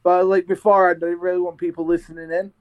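A man's voice: high-pitched, level tone, fast, clear, resonant tone, dull audio. A young man chatting casually over a video call from his half-decorated bedroom, rambling with restarts about training as a radio presenter. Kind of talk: casual chat. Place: home bedroom being decorated.

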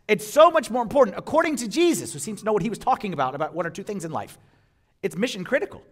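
A male priest delivers a sermon to a congregation in an unusually high voice. His pitch swings widely as he preaches with animation, putting questions to the room and repeating his key points. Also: pushed and bright. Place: church before a congregation.

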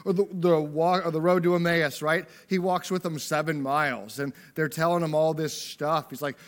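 A pastor with a somewhat high, steady voice preaches at a normal speed to a congregation during a church service. His style is casual and joking, and he keeps checking in with "right?"

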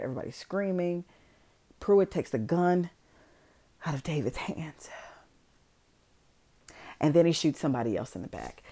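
A woman casually retelling a film plot, swearing freely and acting out the characters' lines. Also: fairly low pitch. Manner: animated, swears freely, acts out quotes. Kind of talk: casual storytelling.

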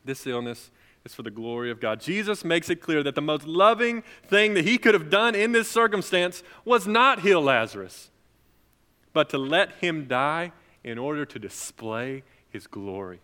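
A young adult man preaching a sermon as pastor, swinging between loud, emphatic lines and soft, quiet ones. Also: on the high side, animated, a little slow. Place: church sanctuary. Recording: long reverb of a large hall.

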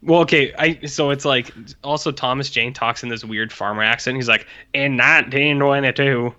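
Rambling jokey man, bright, slightly dull recording. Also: medium pitch, a little fast. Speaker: podcast co-host. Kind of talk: casual chat. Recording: dull lo-fi sound.

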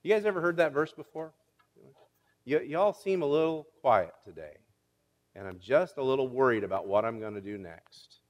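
In a church sanctuary with long hall reverb, a male pastor preaches a sermon at medium pitch and normal speed with lively intonation. He playfully teases his congregation and often repeats words as he restarts a phrase.

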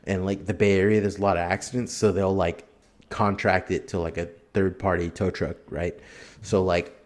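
A man's voice: low voice, level tone, normal speed. A man telling a long story on a casual podcast, rambling and swearing freely, laughing as he goes. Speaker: podcast guest.

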